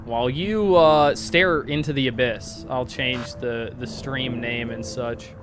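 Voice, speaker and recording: A man's voice: mid-range voice, slow, music in the background. A man live-streaming, casually reading online posts aloud to his chat and breaking off with sarcastic asides.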